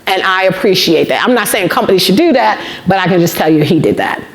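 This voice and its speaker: A woman speaking as a guest gives a motivational talk to students, telling a lively story fast in a fairly low voice. She's an animated storyteller who acts out quoted dialogue and leans on emphatic repetition.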